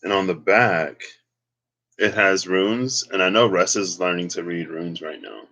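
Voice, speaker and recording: A man's voice: low voice, measured pace, sharp tone, low-quality recording. A man giving a casual solo tarot reading and rambling as he thinks aloud. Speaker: tarot reader.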